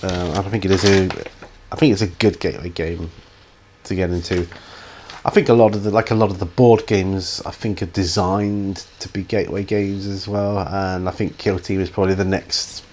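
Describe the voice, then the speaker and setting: A middle-aged man with a somewhat low voice answers viewer questions on his hobby channel. He rambles and hesitates, restarting sentences and filling gaps with ums, in an easy, casual way. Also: steady tone, moderate pace, darkish tone, slight background noise. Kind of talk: casual Q&A chat.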